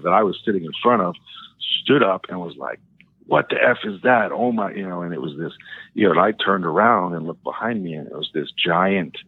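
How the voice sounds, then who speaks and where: A man's voice: sits low, husky. A man calling in to a talk show, telling a personal story in a hesitant, rambling way full of fillers and restarts, heard over a tinny phone line. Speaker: caller.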